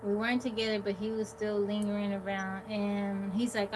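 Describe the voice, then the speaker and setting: Speaking at normal speed in a level, darkish, medium-pitched voice, a woman on her livestream casually recounts something that happened to her. She wanders candidly through it, repeating what she and other people said, while background noise intrudes.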